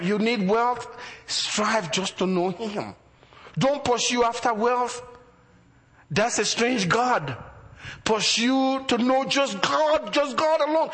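A man's voice: very high voice, fairly bright tone, long reverb tail. A man preaching a sermon as a pastor, building emphasis through repeated phrases.

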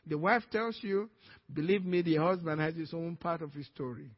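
Husky high-voiced preacher with Nigerian accent. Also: male voice, normal speed, long reverb tail. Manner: animated preaching, acting out quoted dialogue. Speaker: pastor. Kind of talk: sermon. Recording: dull lo-fi sermon recording.

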